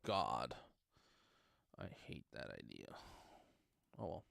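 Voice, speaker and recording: A man's voice: rumbling low, very animated, takes it slowly, gravelly, fairly bright tone, dry recording. Grumbling young gamer guy, dry sound. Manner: exasperated, grumbling, swears freely. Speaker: gaming streamer. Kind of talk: casual gaming chat.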